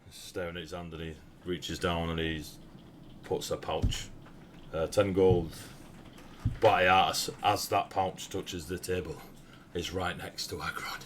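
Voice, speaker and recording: A man running a tabletop game as game master, narrating the scene with a lively manner and frequent laughs. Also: deep voice, unhurried, a little hiss or hum. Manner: lively, laughs often, bursts into shouted character lines.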